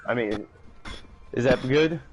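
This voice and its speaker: With background noise around him, a man with a mid-range voice chats casually on a live stream, telling lively stories and performing phone calls in raised voices.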